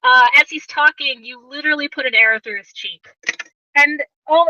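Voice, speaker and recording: A woman running a tabletop game as game master, narrating in an animated, playful way and swearing casually. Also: high voice, normal speed, no echo, recorded from a distance, highs cut off.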